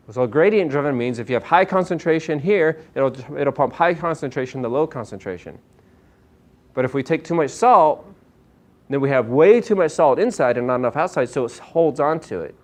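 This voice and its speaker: A man giving a casual health talk to a small live audience, upbeat and a bit hyper, firing questions at the listeners. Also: medium pitch. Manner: energetic, asks the audience questions, self-described hyper. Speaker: chiropractor giving a nutrition talk. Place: small meeting room with an audience.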